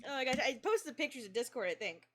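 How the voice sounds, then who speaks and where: A woman's voice: sits high, expressive, fast talker, a bit bright, a little hiss or hum. A young woman streamer chatting casually, giggling often and rambling through her stories. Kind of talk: casual chat.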